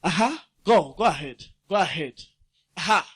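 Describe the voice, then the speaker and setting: Male preacher, high and ringing, very lively pitch, fiery call-and-response sermon. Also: normal speed, husky. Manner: fiery, swinging from loud shouts to low asides; asks the congregation to fill in words.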